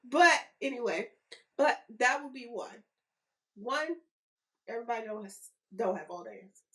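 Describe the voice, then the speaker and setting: A middle-aged woman co-hosting a casual podcast chat, animated and repeating phrases for emphasis. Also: on the high side, moderate pace, low-quality recording. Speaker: podcast co-host.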